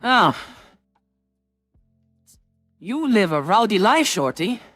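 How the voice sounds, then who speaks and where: A woman's voice: mid-range voice, big pitch swings, slow pace, fairly bright tone, no room sound, clean studio sound, faint music behind, pitched above the performer's own voice, heavily acted. A game master voicing a blunt, mocking tavern woman in a tabletop game. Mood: teasing.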